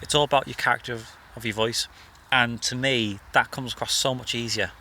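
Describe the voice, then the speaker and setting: A man's voice: medium pitch, fairly even intonation, fairly quick, bright, forceful tone, slight background noise. A man hosting a casual outdoor interview, chatty and freely giving advice. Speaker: interview host. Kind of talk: casual chat. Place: outdoors by a bridge.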